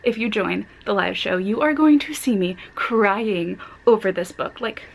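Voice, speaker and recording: A young woman chatting casually on her book vlog, talkative and excitable, breaking into giggles as she goes. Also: medium pitch, measured pace, creaky, poor audio. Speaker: book vlogger.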